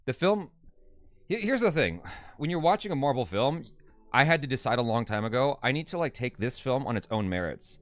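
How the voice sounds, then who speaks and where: A man's voice: medium pitch, sing-song, brisk, no echo. A man co-hosting a casual live stream, reading viewer comments aloud and reacting. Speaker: co-host reading live chat.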